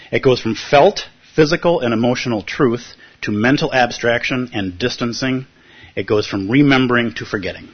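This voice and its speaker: A man with a husky voice giving a reflective teaching talk, telling a personal story and often checking in with his listeners. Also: mid-range voice. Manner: thoughtful, often checks in with "right?". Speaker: meditation teacher. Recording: dull lo-fi recording.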